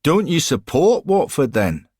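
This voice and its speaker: An old football manager ghost speaks with a Scottish accent, calm and puzzled, as a male narrator puts him on. His voice sits a little higher than the narration. The sound is dry and close. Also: a little slow, husky, no echo, full character voice.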